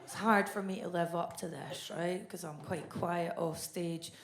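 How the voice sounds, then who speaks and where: A woman in her thirties with a Scottish accent, performing a stand-up comedy set with a blunt, deadpan delivery on a theatre stage. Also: fairly low pitch, a little slow, background noise. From Scotland. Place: large theatre stage before a live audience. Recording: echoey live venue with audience laughter.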